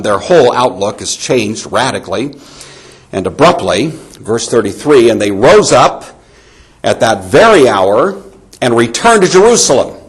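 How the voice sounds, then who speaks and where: Animated man teaching from the Bible. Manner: conversational, emphatic, animated pitch. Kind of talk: sermon-style Bible lecture.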